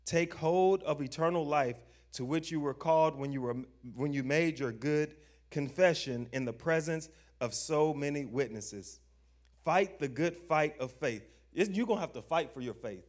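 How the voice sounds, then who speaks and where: A young adult man preaching a sermon, emphatic, asking the listeners questions and reading scripture slowly with stress. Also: fairly high pitch. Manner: emphatic, call-and-response questions; slow stressed scripture reading, informal grammar.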